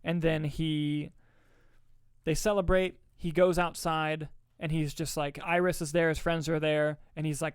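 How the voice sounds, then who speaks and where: A man co-hosting a podcast, reviewing a movie in casual chat, excited and swearing often as he retells scenes. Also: a little high, unhurried, smooth, dry recording, studio quality.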